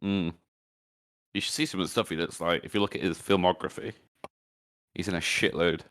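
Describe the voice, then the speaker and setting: Very low-voiced man running a tabletop game. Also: fairly even intonation, brisk, fairly bright tone, slight background noise. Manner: swears freely, joking, trying out character accents. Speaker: dungeon master. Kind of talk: casual chat while running a tabletop game.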